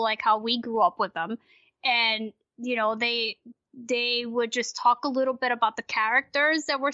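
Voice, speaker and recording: Woman, podcast guest, ranting, swearing, high bright voice, dry dull lo-fi recording. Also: dry recording. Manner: animated, ranting, swears freely. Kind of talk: casual podcast chat.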